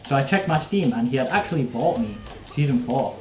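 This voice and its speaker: A young man, chatting easily with his viewers as he plays live and talks through each round. His voice sits at an ordinary middle pitch and carries a roomy echo. Faint game music plays beneath him. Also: animated, a little fast, a little mellow. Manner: casual, chatty, talks to viewers while playing. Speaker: streamer. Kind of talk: live gameplay commentary.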